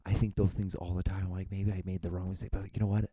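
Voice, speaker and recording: Young guy rambling on his solo podcast, swears a lot, lowish mellow voice. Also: level tone, fast, no room sound. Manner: rambling, restarts often, swears casually. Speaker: podcast host.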